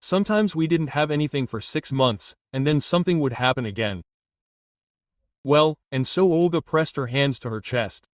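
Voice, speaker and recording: A man's voice: fairly high pitch, expressive, normal speed, no room sound. Man reading a story, dry and slightly distant. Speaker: narrator. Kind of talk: scripted first-person story narration.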